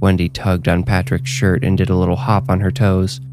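Deep-voiced man narrating horror. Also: completely flat delivery, normal speed.

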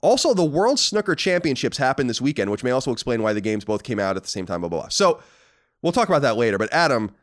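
A man's voice: medium pitch, very animated, fast. An American man co-hosting a casual podcast, reading listener mail aloud with mock-indignant joking. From United States. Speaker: podcast co-host.

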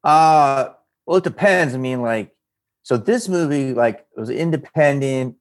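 A man with a Philadelphia accent, an actor and comedian talking casually as a guest, animated and swearing freely. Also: mid-range voice, measured pace. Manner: animated, swearing, slips into a Philly voice. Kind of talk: casual interview chat.

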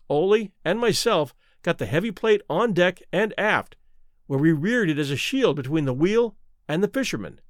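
A man reading a classic short story aloud in an expressive, dramatic narration. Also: on the high side, no room sound, clean studio sound. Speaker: audiobook reader.

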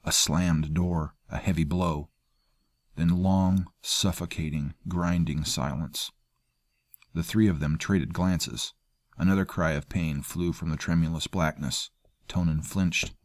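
Guy with a real deep voice reading dark fantasy, dramatic and measured, dry close sound. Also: fairly even intonation, no room sound. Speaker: narrator. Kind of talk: scripted audiobook narration.

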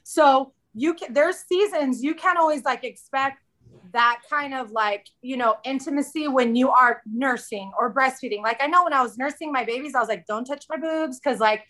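A woman's voice: sits high, moderate pace, pushed and bright. A woman in her thirties, a podcast guest in casual chat, candid and chatty, often quoting herself.

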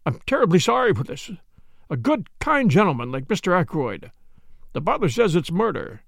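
An actor playing a businesslike village police inspector who questions everyone sharply. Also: male voice, high-pitched, big pitch swings, creaky, dry recording, studio quality, heavily acted. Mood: brisk, probing. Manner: brisk and clipped, sharp questions.

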